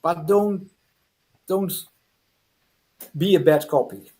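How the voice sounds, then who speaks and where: A man's voice: high-pitched, slow pace, dark tone, slight background noise. A man, a guest hypnotist on a podcast video call, giving direct, earnest advice and leading a hypnosis session.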